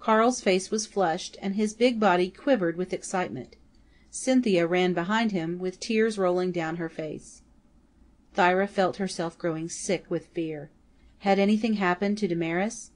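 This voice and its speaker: A woman with a voice on the low side narrates an audiobook. It's scripted narration, read in a steady, measured way.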